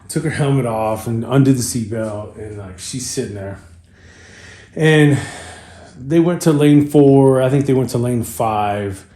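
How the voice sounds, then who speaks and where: A man's voice: medium pitch, dark tone, roomy sound. A man hosting a car channel, telling a story casually with lots of fillers and restarts. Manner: rambling, many fillers and restarts.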